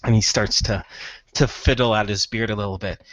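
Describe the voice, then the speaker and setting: A man narrating as game master in a tabletop game, animated and stammering. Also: fairly low pitch, fairly quick, no room sound, low-quality recording.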